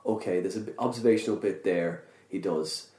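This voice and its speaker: A man, a comedian hosting a casual chat, talking quickly with lots of fillers and swearing. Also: low voice, a little mellow, roomy sound.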